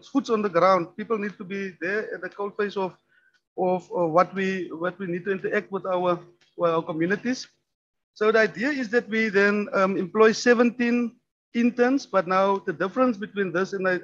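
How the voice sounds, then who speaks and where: A man presents at a public forum on municipal skills work. His voice sits high for a man, and he halts often with many filler sounds and restarts. The sound is dull and lo-fi. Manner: hesitant, many ums and restarts. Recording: dull lo-fi recording.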